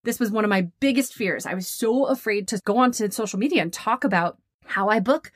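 Woman podcast host, chatty coaching talk, mid pitch, super dry close sound. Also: animated, a little fast, no room sound. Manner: chatty and upbeat, acts out quoted dialogue with big pitch jumps. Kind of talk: casual coaching monologue.

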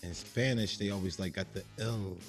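Male co-host, boisterous banter, low pitch, faint music bed. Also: fairly even intonation, a little fast. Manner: boisterous, loud and joking. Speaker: podcast co-host. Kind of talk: casual podcast banter.

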